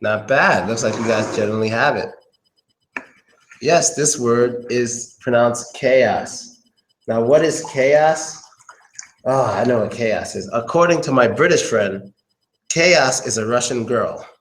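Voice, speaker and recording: A man's voice: medium pitch, expressive, moderate pace, fairly bright tone, a little hiss or hum, poor audio. An American man giving a casual, chatty English pronunciation lesson, often repeating his phrases. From United States. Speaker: English teacher. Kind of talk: casual live-stream lesson.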